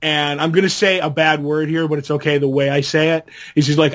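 A man's voice: fairly high pitch, little pitch movement, brisk. A middle-aged man co-hosting a podcast, chatting casually and telling long, rambling anecdotes with a laugh now and then. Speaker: podcast co-host. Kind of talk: casual chat.

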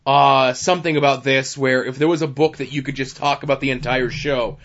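A man's voice: medium pitch, steady tone, brisk, a bit bright. Chatty man rambling through comic sales. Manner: rambling with many fillers. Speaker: podcast co-host. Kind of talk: casual chat. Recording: dull lo-fi podcast audio.

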